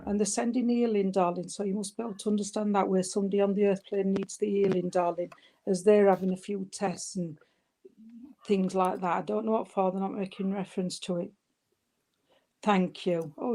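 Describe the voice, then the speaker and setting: A spiritualist medium gives a spirit reading at a service, her medium-pitched voice fairly even and brisk. She speaks gently and soothingly, calling the listener sweetheart and darling, but is hesitant, often stopping and restarting her sentences.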